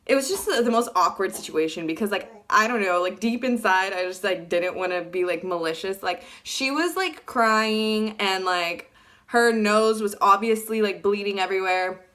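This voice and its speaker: A young woman telling a personal story to camera in casual chat, animated and full of "like", acting out what people said. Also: mid-range voice, normal speed. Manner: animated, fillers like "like" throughout, acts out quotes. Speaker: vlogger.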